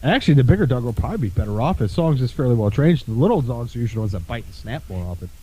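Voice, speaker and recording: Podcast co-host, male, mellow tone, raunchy laughing storyteller. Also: medium pitch, big pitch swings, very fast, slightly rough, low-quality recording. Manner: profane, laughing storyteller who acts out his dog. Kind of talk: casual chat.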